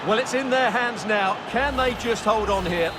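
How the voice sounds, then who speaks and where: A man giving calm football co-commentary analysis for a video game, often opening with "well". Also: sits high, moderate pace. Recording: game audio with loud background noise.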